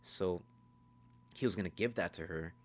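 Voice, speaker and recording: Male movie reviewer with a deep voice, casual and profane, rambles through a plot recap with lots of "like" and "bro". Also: a little hiss or hum. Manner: rambling, profane, fast storytelling.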